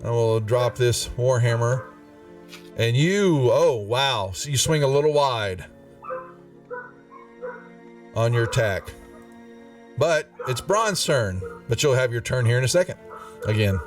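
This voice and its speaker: A man's voice: mid-range voice, lively intonation, far from the mic. A man running a live tabletop game as game master, in a chatty, laugh-prone way. His voice sits in an average register and is heard from a little way off the mic. Faint music plays underneath. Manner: chatty, laughs often, halting with fillers and restarts.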